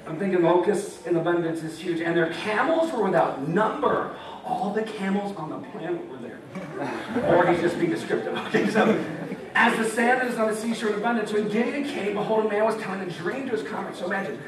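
A man's voice: a little high, noisy background. A young American man preaching a campus sermon, playful and joking, laughing often and acting out voices. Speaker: campus ministry speaker. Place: meeting hall with audience. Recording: echoey hall, mic far off, audience.

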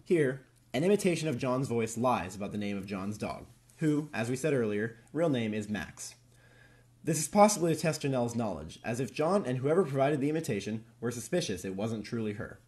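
A man's voice: mid-range voice, lively intonation, brisk, darkish tone, lightly acted. A young man reading as a formal case-file narrator. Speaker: narrator reading police evidence. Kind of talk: read-aloud case transcript narration.

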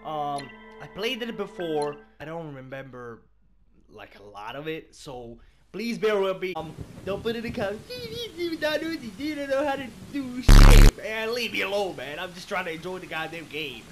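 Man, let's play commentary, hyped and slangy, swearing a lot, pitch jumping all over, game music behind. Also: animated, normal speed. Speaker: gaming channel host.

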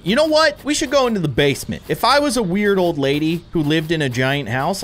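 Chatty young man with a lively voice. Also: a little high. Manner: chatty and playful, rambling asides. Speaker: gaming channel host. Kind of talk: mobile game commentary.

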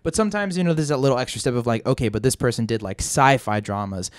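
A man's voice: mid-range voice, quick pace, no room sound. A young man, a voice actor, talking casually and animatedly as a podcast guest. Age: young adult. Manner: chatty, animated, self-deprecating.

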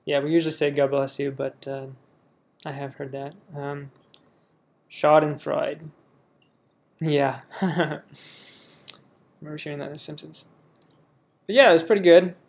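A man's voice: on the high side, steady tone, measured pace, long pauses, a little mellow. A young man from the United States casually reading a word list aloud and reacting offhandedly in a vlog. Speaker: vlogger.

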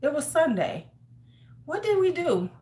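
Speaking from her home in winter, this American beauty livestreamer chats casually, calls out viewers by name and talks to herself as she goes. The voice is high, very animated, unhurried and a little mellow.

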